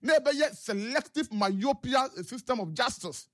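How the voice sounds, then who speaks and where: A man's voice: very high voice, lively intonation, moderate pace. A man with a Ghanaian English accent, calling in to a talk show and giving impassioned political commentary with rhetorical questions. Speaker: caller.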